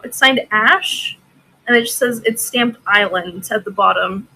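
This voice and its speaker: A woman's voice: medium pitch, a little slow, pushed and bright, slight background noise, poor audio. A woman hosting a casual live-stream auction, chatting with viewers by name and laughing often.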